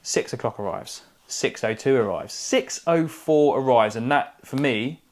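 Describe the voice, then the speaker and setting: Chatty estate agent telling stories. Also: male voice, medium pitch, expressive, a little slow. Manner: chatty anecdotal storyteller, drops subjects from clipped sentences. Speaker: estate agent and podcast co-host. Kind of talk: casual storytelling chat. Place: living room.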